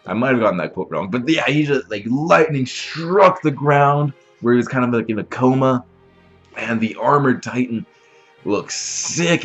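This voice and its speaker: A man's voice: mid-range voice, husky, muffled recording. A man hosting a reaction channel, recapping an episode in a casual, rambling way with lots of fillers. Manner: animated, rambling retelling with many fillers.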